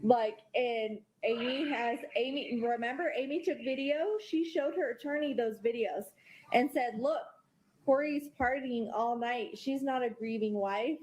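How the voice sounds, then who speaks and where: A woman's voice: fairly high pitch, unhurried, a little mellow. A woman in her thirties in a private chat, upset and swearing as she repeats herself. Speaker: widow in a recorded private conversation. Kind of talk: casual heated chat.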